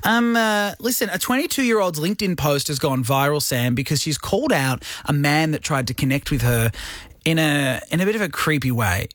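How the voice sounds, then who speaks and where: A man's voice: fairly high pitch, expressive, moderate pace, fairly bright tone, dry recording, clean studio sound. A man with an Australian accent hosting drive-time radio, joking and teasing callers in casual banter. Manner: jokey and teasing. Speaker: radio host.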